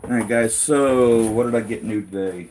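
A man's voice: mid-range voice, normal speed, a little mellow, slight background noise. A man hosting a casual live unboxing stream, talking in an easygoing, rambling way with asides to his viewers.

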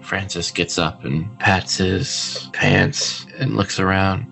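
A man's voice: deep voice, fairly even intonation, takes it slowly, gravelly, bright, forceful tone, faint music behind, low-quality recording. A man playing a devout priest character in a tabletop game, speaking in solemn, prayerful tones. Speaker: player voicing a priest character.

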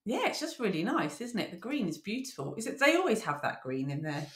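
Giggly woman co-host, bouncy lively pitch, echoey room. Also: brisk. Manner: giggly, understated, lively intonation. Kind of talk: casual chat.

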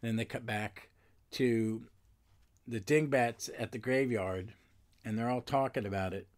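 A man's voice: mid-range voice, unhurried. Rambling man recapping a comic. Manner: rambling, with self-corrections and fillers. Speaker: podcast host. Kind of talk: solo comic book recap.

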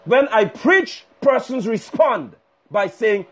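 High-voiced raspy guy preaching hard, fired up, phone stream. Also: lively intonation, moderate pace, a little mellow. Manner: fiery, impassioned, scolding. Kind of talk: sermon on a livestream. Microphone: phone livestream.

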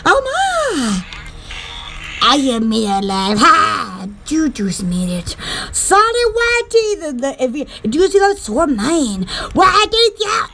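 Woman, very high voice, bright and sharp, giggly, exclamatory, rambling casual chat. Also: wildly swooping pitch, slow, a little hiss or hum. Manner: exclamatory, giggly, many oh-my-goshes. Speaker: online shop vlogger.

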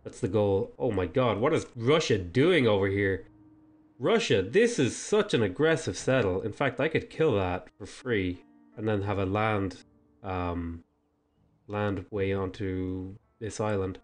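A man's voice: on the low side, a little mellow. A man hosting a strategy game let's play, thinking aloud in casual commentary and talking back to the game's units.

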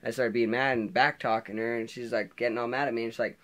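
A man's voice: medium pitch, fairly even intonation, fast, a bit bright. A teenage boy telling a storytime vlog, rambling with lots of hedges and self-corrections. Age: teens. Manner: rambling, many fillers and restarts. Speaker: vlogger. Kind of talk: storytime monologue.

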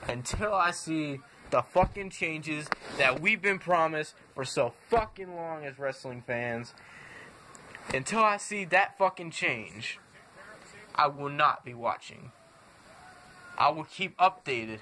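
A man's voice: medium pitch, sharp tone, slight background noise. Furious swearing young man ranting. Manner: swearing constantly, exasperated. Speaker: wrestling fan vlogger. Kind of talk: angry profane rant.

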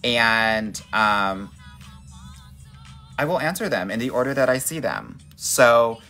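A man's voice: mid-range voice, expressive, slow, sharp tone, soft background music. Sassy man from Los Angeles chatting live. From Los Angeles, USA. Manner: sassy and playful, calls viewers honey and girl. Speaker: dating coach hosting a live stream. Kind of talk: casual live-stream chat reading out comments.

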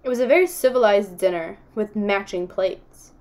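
A woman's voice: medium pitch, normal speed, a little mellow, lightly acted. A woman doing an earnest, indignant young girl. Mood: insistent. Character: anxious, insistent young girl storyteller.

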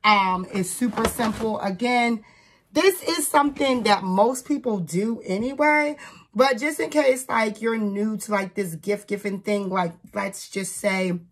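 A woman's voice: medium pitch, unhurried. Young woman vlogger from New Jersey, casual and chatty, peppers her talk with fillers, mid-range voice. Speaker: teacher. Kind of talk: casual chat, showing gifts to camera.

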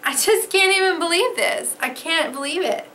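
A woman opening fan mail in casual, unhurried chat, overwhelmed with emotion. Her voice is high and bright, swinging widely as she gasps and swears. A faint hiss sits under the recording. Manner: gasping, excitable, swears freely.

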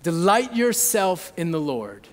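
A man's voice: high voice, big pitch swings, takes it slowly. A man in his thirties preaching a sermon, telling a family story conversationally and often checking in with the audience. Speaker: pastor. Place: church hall. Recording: long hall reverb.

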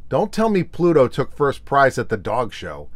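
A man's voice: medium pitch, huge pitch swings, normal speed, no echo. A man voicing a grumpy, scoffing male cartoon duck in a storybook reading.

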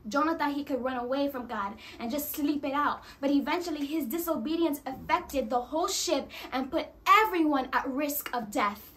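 A woman preaching a sermon, animated and acting out quoted voices as she addresses the congregation. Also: high voice, moderate pace.

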